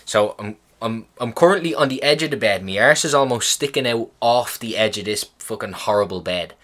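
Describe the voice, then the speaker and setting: A young man casually retelling a hospital visit, swearing and rambling, animated in the telling. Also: mid-range voice, fairly quick. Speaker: vlogger. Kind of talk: casual storytelling chat.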